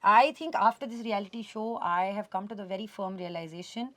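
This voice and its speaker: A woman from India being interviewed as a guest, talking in an animated, expressive way and slipping Hindi words into her English. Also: medium pitch, a little fast, no echo. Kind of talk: casual conversational interview. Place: radio studio.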